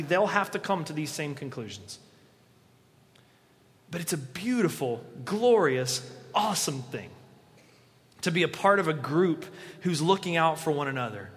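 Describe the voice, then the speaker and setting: A man preaching a sermon as pastor, talking in a conversational, animated way and acting out the voices he quotes. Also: high voice. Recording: long reverb of a large hall.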